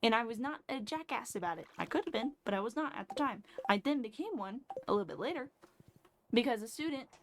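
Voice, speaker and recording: A woman's voice: a little high, expressive, fast, a little hiss or hum. Blunt, sarcastic young woman storyteller. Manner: sarcastic, blunt, swears freely. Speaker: streamer. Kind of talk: casual storytelling while gaming. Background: faint background music.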